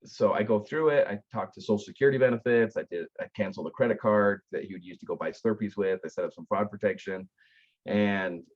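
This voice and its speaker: A man with a lowish voice tells stories in an earnest, lively way, often restarting his sentences. His audio sounds dull and lo-fi, like a remote call. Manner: earnest, animated storyteller with repeated restarts. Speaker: guest, aftercare company founder. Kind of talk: conversational storytelling.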